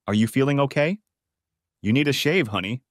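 A man's voice: animated, brisk, no echo, studio quality, close to an everyday voice. Male narrator doing a pleading young wife: raised voice, stammers, begs. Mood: sweet. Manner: higher, stammering, tearful pleading. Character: cheating young wife, woman, flustered and pleading.

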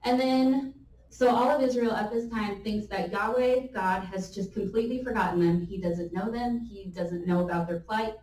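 A woman's voice: mid-range voice, normal speed. Woman teaching in an echoey church. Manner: animated storytelling, laughing asides. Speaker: church speaker. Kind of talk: conversational sermon teaching. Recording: echoey room, mic at a distance.

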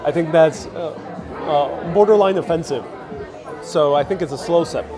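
A man's voice: fairly high pitch, moderate pace. A man from the United States live-streaming from inside a busy restaurant, chatting playfully with viewers as he tastes food and drink. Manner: playful, chatty, addresses viewers as ladies and gentlemen. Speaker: travel vlogger live-streaming. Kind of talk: casual live-stream chat. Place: indoor restaurant, public space. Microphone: phone held at arm's length. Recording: busy crowd chatter behind. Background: crowd chatter.

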